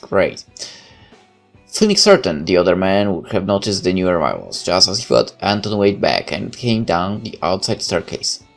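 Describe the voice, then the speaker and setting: Deep gravelly man reading a story. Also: wildly swooping pitch, normal speed, soft background music. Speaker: narrator. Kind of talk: reading a visual novel aloud with casual asides.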